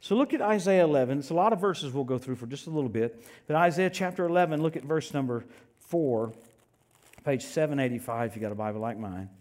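An older man preaching a sermon, telling stories with animated voice swings between loud and soft. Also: mid-range voice, quick pace.

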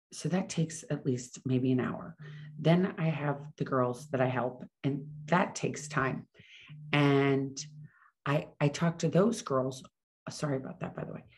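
A middle-aged woman talking fast and casually in a solo podcast monologue, often correcting herself as she goes. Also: a bass voice, a little mellow. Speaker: podcast host.

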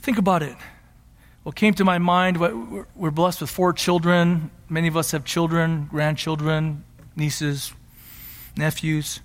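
A middle-aged pastor delivers a sermon, teaching earnestly before building to emphatic passion. His voice is on the high side with a steady tone and measured pace, and the church sanctuary adds a long hall reverb.

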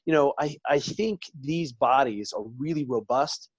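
A man's voice: medium pitch, measured pace, husky, no room sound, highs cut off. Male guest, forties, medium voice, meandering storyteller, dry close mic. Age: 40s. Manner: rambling storyteller, trails off and restarts. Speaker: podcast guest. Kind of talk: casual interview chat.

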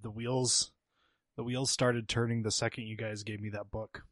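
A man's voice: on the low side, flat delivery, moderate pace, fairly bright tone, no echo. A man playing in a tabletop game, speaking earnestly in and out of character. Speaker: player.

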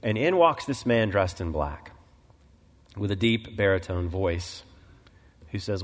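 A male pastor preaching a sermon, telling a story and acting out the quoted voices, clearing his throat often. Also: on the low side, lively intonation, unhurried, long reverb tail. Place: church sanctuary.

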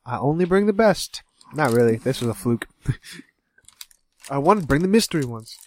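A man's voice: mid-range voice, animated, moderate pace. A man co-hosting a podcast taste test in casual chat, joking, laughing often and rambling through asides. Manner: jokey and giggly, rambling asides. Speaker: podcast co-host.

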